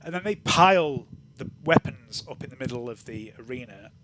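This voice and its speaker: A man acting as game master for a tabletop game narrates in a relaxed, rambling style packed with fillers. His voice is medium-pitched at a normal speed, and the recording is very noisy.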